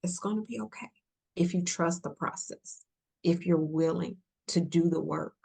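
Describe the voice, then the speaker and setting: A woman guest on a podcast offers heartfelt encouragement to listeners, speaking earnestly and with soft emotion, repeating herself and dropping to near-whispers. Her voice is fairly low, creaky and slightly rough, at a normal speed.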